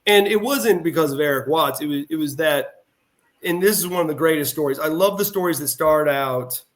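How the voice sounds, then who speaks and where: A man's voice: on the high side, brisk. A middle-aged man, a former pro wrestler guesting on a podcast, telling a long heartfelt story with plenty of restarts and acted-out dialogue. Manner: rambling anecdotes with frequent restarts and retold dialogue; animated, heartfelt delivery. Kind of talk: casual storytelling in a podcast interview.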